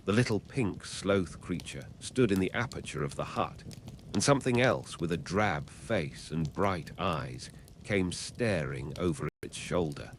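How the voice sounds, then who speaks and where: A man reading a classic novel aloud as an audiobook narrator, in a measured, even storytelling manner. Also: low-pitched, a little hiss or hum.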